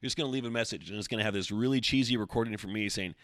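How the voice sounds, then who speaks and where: A man's voice: fairly low pitch, rapid-fire, hardly any pauses, fairly bright tone, dry recording, clean studio sound. A man hosting his own podcast alone, chatting in a rambling, jokey, self-deprecating way. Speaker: podcast host. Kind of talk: casual solo podcast talk.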